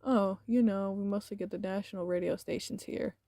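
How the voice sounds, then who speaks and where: A woman voicing a friendly middle-aged male Greek restaurant owner with a Greek accent, speaking softly and easily in a game. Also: mid-range voice, steady tone, fairly quick, vocal fry, no room sound, natural voice.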